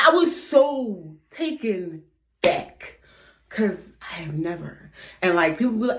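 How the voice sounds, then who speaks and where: Animated young woman in an echoey room. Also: on the high side, takes it slowly. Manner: animated, profane, swings between loud exclamations and hushed asides. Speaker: storytime vlogger. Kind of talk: casual storytelling.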